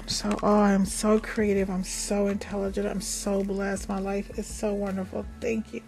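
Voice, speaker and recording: An older woman talks her way through a home craft tutorial at a mid-range pitch. She rambles cheerfully, affirms herself, and now and then drops into a soft whisper. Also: little pitch movement, moderate pace, creaky, few pauses, slight background noise. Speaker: craft and magic video host.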